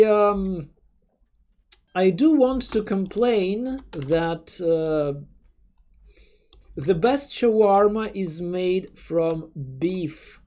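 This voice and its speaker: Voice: medium pitch, a little mellow. A young adult streamer, chatting casually with viewers in a rambling way, full of stammered restarts and offhand swearing. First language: Russian. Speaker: streamer reading chat. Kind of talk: casual live-stream chat.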